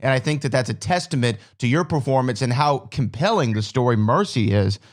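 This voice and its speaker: Male host, eager and complimentary, mid-pitched, plain delivery. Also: expressive, a little fast. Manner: enthusiastic, praising, with fillers. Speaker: interview host. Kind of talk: interview questions.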